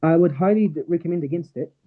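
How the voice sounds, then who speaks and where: A man's voice: a little high, fast. A man teaching a Quran recitation class online, explaining patiently step by step and reciting verses as examples. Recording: tinny phone-like call audio.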